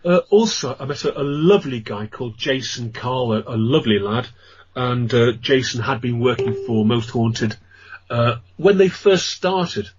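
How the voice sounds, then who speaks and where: A ghost tour guide with an English accent appears as a radio guest, telling long, rambling stories packed with fillers. His mid-range voice is animated and slightly rough at a moderate pace, heard through dull, lo-fi radio audio.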